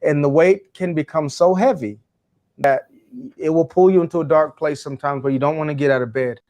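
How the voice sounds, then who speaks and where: A man's voice: on the high side, steady tone, a little fast, a little mellow. A man who is a guest in an interview, an education speaker answering in a passionate, emphatic, preacherly way.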